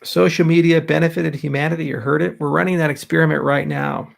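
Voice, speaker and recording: A man's voice: fairly high pitch, fairly even intonation, quick pace, vocal fry. A man hosting a casual live question session, answering with wry, offhand jokes. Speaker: host answering audience questions.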